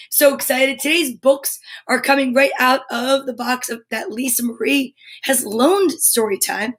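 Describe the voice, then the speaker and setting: A woman's voice: high voice, fairly bright tone. An American woman hosting a live children's lesson show, bubbly and enthusiastic, greeting young viewers by name. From United States. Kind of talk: live-streamed kids' lesson.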